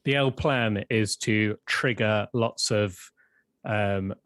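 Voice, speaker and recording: A man chats easily on a live stream, laughing now and then. His voice sits fairly low, and the sound is close and dry with no room echo. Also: slow pace. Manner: relaxed, laughs often, enthusiastic. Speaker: co-host and channel founder. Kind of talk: casual live-stream chat.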